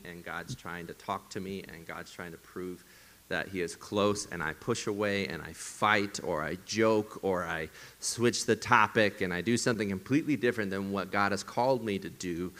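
A man with a fairly low voice preaches a sermon to his congregation and to viewers at home. His delivery swings from emphatic lines to soft, breathy near-whispers. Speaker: pastor. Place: church service streamed to viewers at home.

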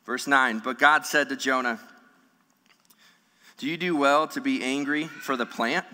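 A man preaching a sermon as pastor, animated and humorous, acting out the voices of people in the story. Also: mid-range voice, moderate pace. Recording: long hall reverb.

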